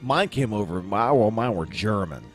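A man co-hosting a casual podcast who keeps cracking sarcastic jokes and teasing his friends. His pitch jumps around a lot. Soft music runs faintly behind him. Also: lively intonation, moderate pace. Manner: joking, sarcastic quips. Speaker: podcast co-host.

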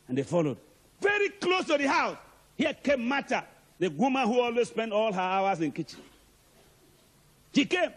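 Husky, animated male preacher. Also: extremely high pitch, normal speed, long pauses. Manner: emphatic, calls out to the congregation. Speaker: archbishop, preacher. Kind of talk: sermon.

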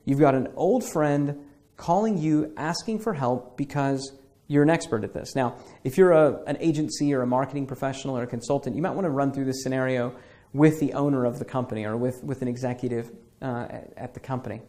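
A man's voice: medium pitch, fairly quick, mellow. A man teaching a marketing lesson, walking listeners through an imagined phone call and checking in often with a casual "okay?". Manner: conversational, checks in with repeated "okay?" and acts out imagined callers. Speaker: marketing instructor. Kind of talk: guided visualization lesson.

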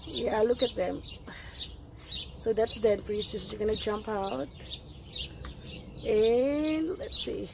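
Slow-talking woman filming her backyard. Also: fairly high pitch, gravelly, background noise. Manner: chatty, hesitant, talks sweetly to her hens. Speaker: vlogger. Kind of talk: casual vlog commentary. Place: home backyard, outdoors. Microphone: phone.

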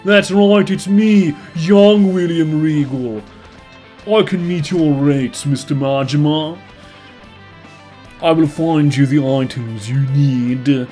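A man voicing a genteel British wrestler turned fixer, with a slow, plummy put-on British accent. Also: on the high side, warm tone, soft background music. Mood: suave.

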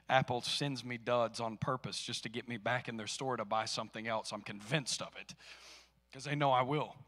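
Preaching man in a reverberant church hall. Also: medium pitch. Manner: preaching with dynamic swings from hushed to loud. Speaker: pastor. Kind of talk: sermon. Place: church sanctuary.

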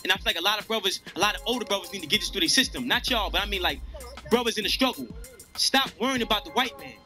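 A man's voice: sits high, lively intonation, racing, bright, forceful tone, soft background music. A man in his twenties giving a raw, blunt street speech to young people, cursing as he goes, then rapping his life story. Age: 20s. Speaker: speaker at a youth community gathering. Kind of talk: impassioned street speech and spoken-word rap.

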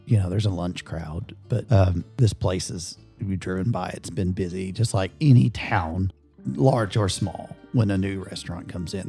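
A male game master narrates a scene in a loose, rambling style with plenty of fillers. His voice is warm and mellow. Faint music plays under the talk. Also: lowish voice.

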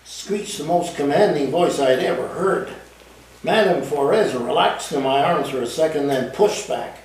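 A man's voice: on the high side, moderate pace. Man reading a story, echoey distant sound. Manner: lively, dramatic storytelling. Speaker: author reading his novel. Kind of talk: first-person literary reading. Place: café event room. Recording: echoey room, mic at a distance.

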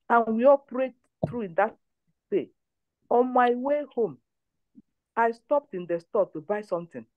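A woman's voice: mid-range voice, dry recording, lo-fi sound. A woman leads a prayer line, giving testimony and exhortation in an emphatic, repetitive way. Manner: emphatic, repeats phrases.

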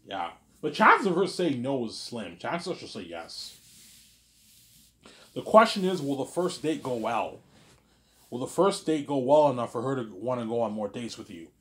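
A young male vlogger rambles alone in a boastful monologue, repeating himself and tripping over words. His medium-pitched voice is sing-song at a moderate pace.

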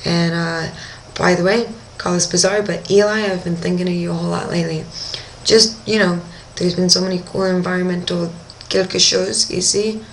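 A woman's voice: lowish voice, fairly even intonation, normal speed, a little hiss or hum, rough recording. A young woman working as a dive instructor, telling a diving story in a casual video diary and acting out her own reactions.

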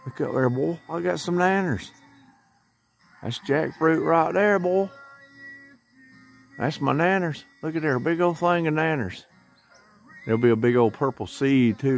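A middle-aged man with a Southern US accent talks in a very low, deep voice. He rambles through a folksy vlog update, stopping often for fillers. He wanders and chats as he walks around outdoors. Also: darkish tone. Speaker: vlogger. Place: outdoors on a tropical building site.

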